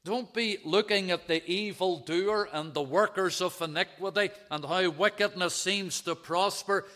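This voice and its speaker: Man, preacher, sermon, slow deliberate delivery, slightly high voice, emphatic on scripture. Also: bright, forceful tone. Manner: slow, measured preaching with emphatic rises on quoted verses.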